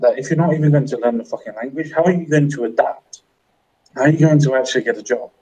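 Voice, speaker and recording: A man's voice: medium pitch, warm tone, breathy edge, lo-fi sound. A man in a casual chat, blunt and argumentative, swearing as he makes his points.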